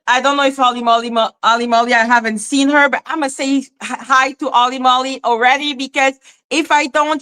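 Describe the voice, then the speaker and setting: A woman hosts a casual livestream in a high, bright, clean voice that stays fairly even in intonation. She talks briskly and forcefully, chatting loosely, exclaiming, and greeting viewers by name.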